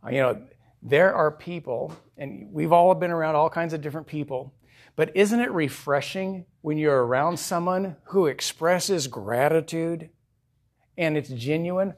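A man's voice: fairly high pitch, measured pace. A male pastor preaching a sermon in a conversational way, asking his congregation questions.

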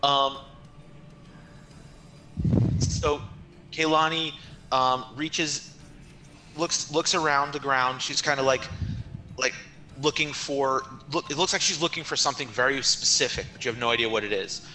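A man narrating his character's actions in a tabletop game, halting with many restarts. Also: mid-range voice, steady tone, bright, forceful tone, slight background noise. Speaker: player.

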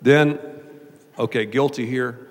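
A man from the American South preaching a sermon as pastor, animated and jokey, slipping into mock voices. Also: mid-range voice, slow pace. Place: large church auditorium. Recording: long reverb of a large hall.

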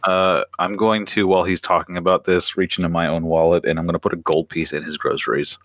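A man speaking as a player in a tabletop game, relaxed and plain-spoken. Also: low voice, quick pace, dry recording, clean studio sound. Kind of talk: casual tabletop play.

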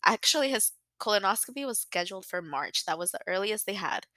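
A woman's voice: mid-range voice, animated, a little fast, sharp tone, dry recording, low-quality recording. A young woman hosting her own podcast, talking candidly and emotionally, rambling with restarts and close to tears. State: near tears. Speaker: podcast host. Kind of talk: personal podcast monologue.

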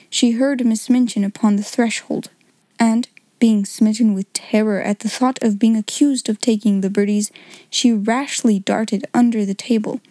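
Lady reading an old novel aloud, warm mellow voice, kinda high, dry close sound. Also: no room sound. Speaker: audiobook narrator. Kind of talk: scripted narration.

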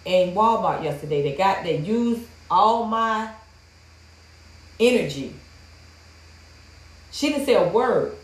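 A woman's voice: mid-range voice, animated, slow pace, long pauses. A woman hosting a livestream, ranting in a blunt, profane, heated way to her viewers. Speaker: livestream host. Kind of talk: casual livestream rant. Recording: roomy echo.

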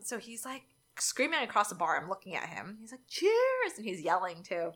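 Bright-voiced young woman telling a story. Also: brisk, husky. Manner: animated, acts out quotes with big pitch jumps. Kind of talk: casual storytelling chat.

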